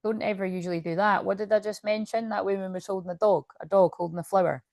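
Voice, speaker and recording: A woman's voice: medium pitch, steady tone, fast talker, darkish tone, no echo. A woman doing a casual tarot card reading to camera, chatty and rambling, often interrupting herself with asides.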